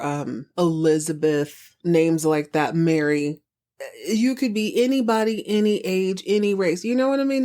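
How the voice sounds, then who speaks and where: A woman's voice: medium pitch, dark tone. A woman podcast host giving a chatty, sassy recap of a TV episode, wandering off on tangents as she goes.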